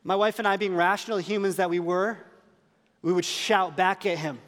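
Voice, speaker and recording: A man's voice: high-pitched, moderate pace. A man in his thirties, a pastor preaching a sermon and telling self-deprecating stories about his young children. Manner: self-deprecating storytelling, lively voice changes. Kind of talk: sermon with humorous family stories. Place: church hall. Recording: long reverb of a large hall.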